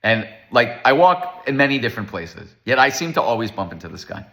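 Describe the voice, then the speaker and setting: A man giving a casual Torah lecture, animated and storytelling, acting out the voices of the people in his stories. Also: medium pitch, a little fast.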